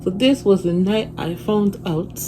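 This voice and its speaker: A young woman chatting through a storytime on her phone, profane and animated as she retells it. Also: mid-range voice, unhurried. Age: young adult. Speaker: vlogger. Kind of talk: casual storytime vlog. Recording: noisy phone recording with room ambience.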